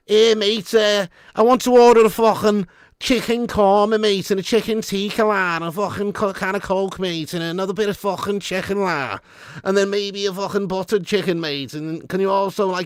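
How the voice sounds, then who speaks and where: A man putting on a brash lad with a thick Scouse accent, ordering takeaway. The voice is pitched high and pushed loud, swearing freely and tagging every phrase. It is recorded close and dry. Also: smooth, dry recording, close to an everyday voice.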